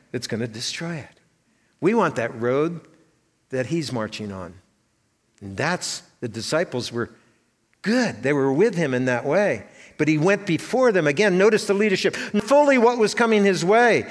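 High-voiced preacher in echoing hall. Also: male voice, fairly bright tone. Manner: earnest, rhetorical questions to congregation. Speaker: pastor. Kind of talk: sermon. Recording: long hall reverb.

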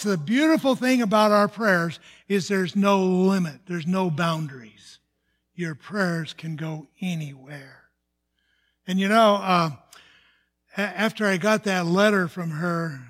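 A man's voice: sits high, measured pace, a bit bright. An older man from the United States, a pastor, telling a personal testimony in an earnest storytelling sermon, often restarting his sentences.

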